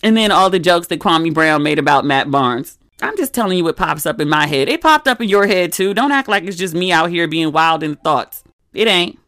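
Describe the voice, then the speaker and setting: A young woman talks solo on her podcast, telling stories with lots of asides. Her voice sits in a middle register and comes across animated. The recording is dry and close, with no room sound. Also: medium pitch, no echo. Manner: animated, conversational storytelling with asides. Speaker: podcast host. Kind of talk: casual solo chat.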